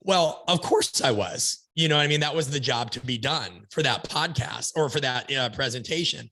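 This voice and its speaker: Bright-voiced emphatic man. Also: mid-range voice, moderate pace. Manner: animated, emphatic, acts out quoted dialogue. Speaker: podcast guest, coaching speaker. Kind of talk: energetic conversational storytelling.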